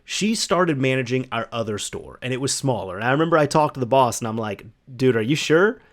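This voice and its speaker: A man's voice: medium pitch, lively intonation, fast. Chatty man telling a story. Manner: chatty, full of "like" and restarts, acts out quoted voices. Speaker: podcast host. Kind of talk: casual solo storytelling.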